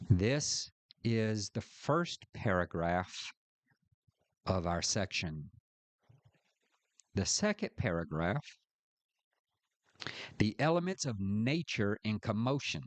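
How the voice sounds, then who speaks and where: Slow, low-voiced man teaching scripture. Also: animated, dry recording. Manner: slow, deliberate, reads scripture aloud with emphasis. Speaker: Bible teacher. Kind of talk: scripture study lesson.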